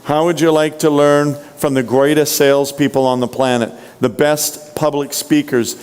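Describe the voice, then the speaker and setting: A man's voice: fairly high pitch, level tone, moderate pace, darkish tone, smooth. A man giving a motivational sales training talk, punchy and full of rhetorical questions to the audience. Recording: long hall reverb.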